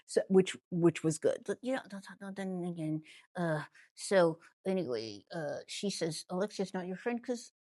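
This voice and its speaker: A woman hosting a casual reality-TV gossip recap, chatty and animated, often trailing off and restarting her thoughts. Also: mid-range voice, no room sound. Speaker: ventriloquist host.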